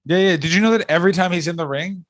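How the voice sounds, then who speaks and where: A comedian co-hosting a podcast, throwing out deadpan, absurd jokes in loose banter. His voice is a touch high for a man, recorded dry and close to the mic. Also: very fast, no room sound. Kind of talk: casual comedic chat.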